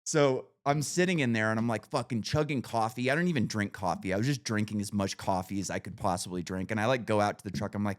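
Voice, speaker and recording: A man hosting a podcast, telling a long profane story in casual chat with lots of animated rises. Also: lowish voice, quick pace, hardly any pauses. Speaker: podcast host.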